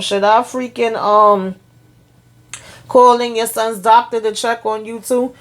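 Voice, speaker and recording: A woman's voice: on the high side, slow pace. Chatty woman recapping a TV drama. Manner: animated retelling of scenes with quoted lines, blunt and profane. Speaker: TV show recap host. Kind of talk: casual recap vlog.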